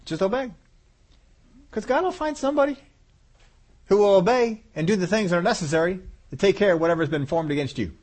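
A man preaching a sermon, animated, acting out voices of God and people and chuckling as he goes. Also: high voice, quick pace.

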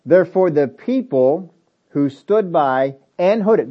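A man's voice: on the high side, lively intonation, slow pace, dull audio. A man preaching a sermon, emphatic and repetitive, asking rhetorical questions of his listeners.

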